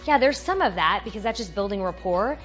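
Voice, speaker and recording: A woman's voice: mid-range voice, animated, fairly quick, fairly bright tone, faint music behind. A woman CEO and business consultant speaking bluntly and seriously about results. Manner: blunt, serious, outcome-driven. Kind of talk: direct-to-camera talk.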